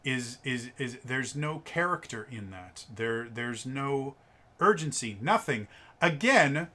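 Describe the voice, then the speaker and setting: American guy rambling about a game book, bright voice, lots of um and uh and stutters. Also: mid-range voice, animated, slow. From United States. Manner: rambling, many fillers and stammered restarts. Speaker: tabletop game reviewer. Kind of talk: casual opinion commentary.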